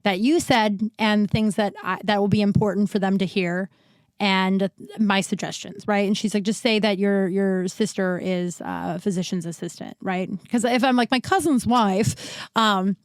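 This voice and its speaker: A woman's voice: medium pitch, fairly even intonation, moderate pace, no room sound. A woman hosting a podcast, telling a long personal story in a chatty way, swearing now and then and acting out the people she quotes, sounding a little winded while recovering from illness. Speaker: podcast host. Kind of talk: casual storytelling monologue.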